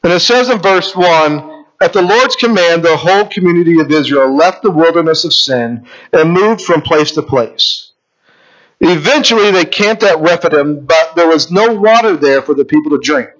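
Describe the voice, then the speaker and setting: Man, pastor, sermon, rhetorical questions, higher voice, muffled lo-fi sound. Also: normal speed, fairly bright tone. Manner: preaching with rising rhetorical questions, reading scripture aloud.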